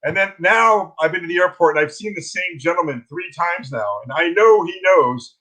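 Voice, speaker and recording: A man who teaches philosophy, telling stories as an interview guest on a video call, lively with many restarts. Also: high voice, moderate pace, poor audio. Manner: animated storytelling with restarts. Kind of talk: casual interview talk.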